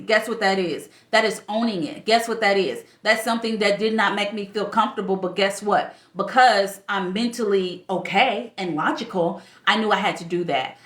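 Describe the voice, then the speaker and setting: A woman's voice: mid-range voice, fairly bright tone, roomy sound. A woman in her forties, a life coach, talking candidly to camera in a casual vlog, emphatic and fond of rhetorical questions. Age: 40s.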